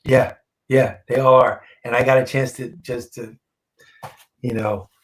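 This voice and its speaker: A male comic book artist telling a story in a casual interview, animated and acting out quoted dialogue, halting and repeating himself when moved. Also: mid-range voice, rough recording.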